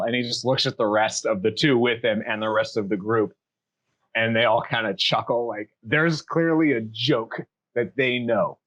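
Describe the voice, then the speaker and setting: A man narrating a tabletop game as dungeon master, setting scenes in a relaxed, rambling way. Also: medium pitch, moderate pace, rough recording.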